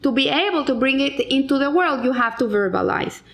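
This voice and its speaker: A woman's voice: high voice, lively intonation, a little fast, vocal fry. A middle-aged woman explaining a weekly Torah lesson in an earnest way, with frequent restarts and Hebrew terms. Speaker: Torah teacher.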